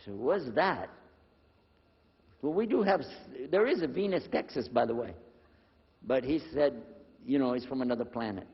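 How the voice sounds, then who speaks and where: An older man telling a personal story to an audience, lively and acting out the dialogue in a husky voice. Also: mid-range voice, normal speed, long pauses. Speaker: speaker telling his conversion story. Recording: dull lo-fi recording with long hall reverb.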